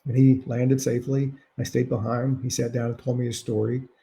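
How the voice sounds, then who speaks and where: A male author speaks over a video call from home, his voice gravelly and mellow, with a relaxed, dark tone. He tells anecdotes casually, with dry, self-mocking humor. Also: mid-range voice, a little fast, a little hiss or hum. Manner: wry, self-deprecating humor. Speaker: author answering reader questions. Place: at home during lockdown.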